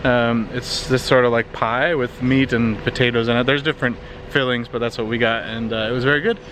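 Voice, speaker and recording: A tired Canadian man narrates a casual travel vlog while walking outdoors on city streets, relaxed and rambling with lots of fillers. His mid-range voice moves fairly quickly, captured on a handheld compact camera with background noise.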